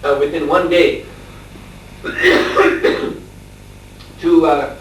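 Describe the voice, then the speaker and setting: Speaking extremely slowly, a male monk lecturer in a farmstead lecture room tells a long anecdote during scripture class. His voice is average in pitch, his manner relaxed and conversational with frequent chuckles and hesitant fillers. The mic is distant, the room heavily echoey, and a faint hiss runs through.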